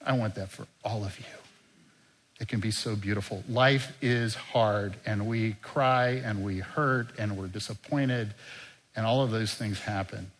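An older man preaching a sermon as pastor, in an earnest, conversational way that drops soft and quiet. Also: lowish voice, fairly even intonation, unhurried.

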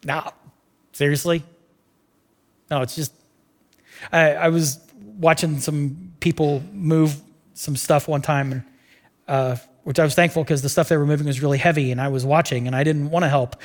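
A man preaching a casual sermon, telling the story with animated voices and quick asides. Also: fairly high pitch, long reverb tail. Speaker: pastor.

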